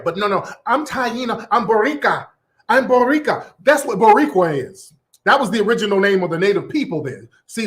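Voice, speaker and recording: Sassy profane American man, lively pitch. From United States. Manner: sassy, profane, mocking, calls people sweetie and boo. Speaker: commentary channel host. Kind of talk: ranting commentary.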